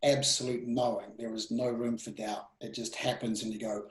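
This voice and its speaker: Animated man telling stories in an echoey room. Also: medium pitch, normal speed. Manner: animated, voice rising and dropping sharply. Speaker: podcast guest, presenting mentor. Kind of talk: casual storytelling interview.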